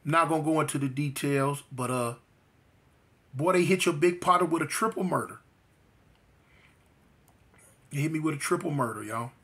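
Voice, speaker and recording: A man's voice: on the high side, fairly quick, fairly bright tone. A middle-aged man from telling his life story in slangy street talk, full of fillers. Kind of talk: casual storytelling.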